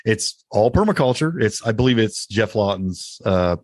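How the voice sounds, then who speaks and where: A man with a folksy Indiana-Tennessee twang chats easily on a podcast, chuckling now and then. His voice sits low. The recording is close and dry. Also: animated, normal speed, darkish tone, no echo. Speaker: podcast co-host. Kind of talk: casual podcast chat.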